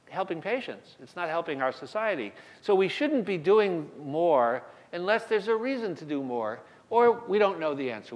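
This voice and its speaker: A middle-aged man lectures in a conversational, storytelling way, often circling back to restart a sentence. His voice sits a little high for a man. The long reverb of a large lecture hall hangs around every word. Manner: conversational, self-deprecating, frequent restarts. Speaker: emergency medicine lecturer.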